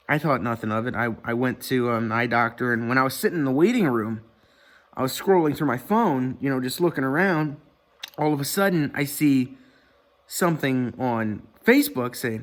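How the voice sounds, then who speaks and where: A man's voice: medium pitch, fairly bright tone. Rambling, profane young-sounding man. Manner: rambling, profane, many fillers and restarts. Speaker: vlogger. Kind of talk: casual rambling commentary to camera. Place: indoor room at home. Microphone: webcam or computer mic.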